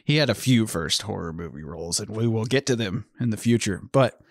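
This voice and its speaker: A man's voice: fairly low pitch, lively intonation, brisk, dry recording, studio quality. A man co-hosting a podcast, chatting casually about a horror film over beers and laughing often. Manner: chatty, laughs often, drinking beer while talking. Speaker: podcast co-host.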